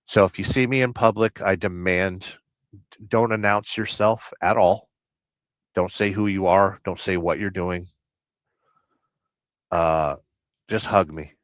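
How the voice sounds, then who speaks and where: An American truck driver hosting a casual livestream, rambling through jokes and viewer comments with a deadpan, blustery manner. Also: male voice, low-pitched, slow, long pauses, no echo. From United States. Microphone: livestream mic. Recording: dry, dull lo-fi stream audio.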